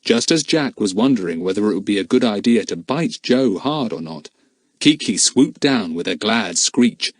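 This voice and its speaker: Expressive male storybook narrator. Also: fairly low pitch, moderate pace, no room sound, clean studio sound. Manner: expressive, animated reading. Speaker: audiobook narrator.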